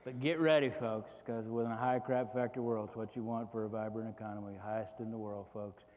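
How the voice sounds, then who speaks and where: A man's voice: fairly low pitch, fairly even intonation, a little fast, darkish tone, slight background noise. A man in his fifties, an economist giving a folksy, joking keynote talk that is full of rhetorical questions to the audience. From Texas. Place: large conference hall. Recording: long hall reverb.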